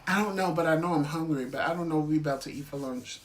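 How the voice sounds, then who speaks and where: An easygoing man co-hosting a relaxed chat show. He rambles a little as he talks, in a playful way, and goes over his points more than once. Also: fairly high pitch, quick pace. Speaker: co-host of a couple's talk show. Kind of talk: casual chat.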